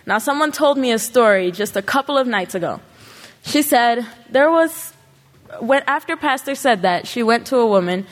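A woman giving an earnest sermon to a congregation, pressing her listeners with rhetorical questions. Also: on the high side. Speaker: congregation speaker. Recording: long hall reverb.

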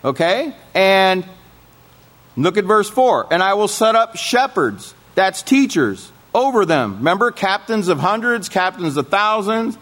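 Teaching a congregation, a man preaches a sermon, reads scripture aloud, and frequently checks in with listeners by asking questions. His voice sits high with a fairly bright tone.

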